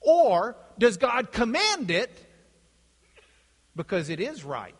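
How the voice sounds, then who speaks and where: In an echoey hall, a middle-aged man lectures a class slowly in a high voice. He stays animated throughout, performing the different voices whenever he quotes someone.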